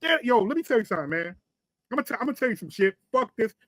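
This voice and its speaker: A man's voice: very high-pitched, big pitch swings, quick pace, fairly bright tone, no echo, rough recording. A man, co-hosting a podcast and telling a long, profane, rambling story. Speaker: podcast co-host. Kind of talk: casual storytelling.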